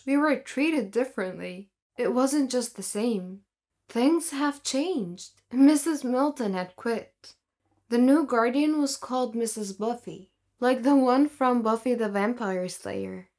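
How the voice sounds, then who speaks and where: A woman's voice: sits high, darkish tone. A young woman narrating her own story in the first person, in an earnest, plain manner.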